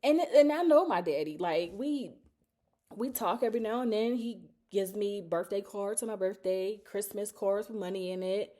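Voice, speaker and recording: A woman's voice: mid-range voice, moderate pace, warm tone. A woman, telling a personal story in a candid, emotional, rambling way on her vlog. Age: 30s. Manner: emotional, confessional, rambling with many fillers. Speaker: vlogger.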